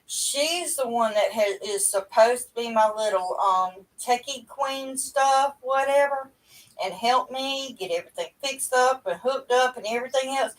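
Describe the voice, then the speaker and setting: A middle-aged woman with a drawl, talking in a chatty, rambling, folksy way with a fairly high voice. She sits at home talking into a webcam, and her voice sounds a little far from the mic. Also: measured pace. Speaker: livestream host. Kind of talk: casual chat to viewers. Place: at home indoors.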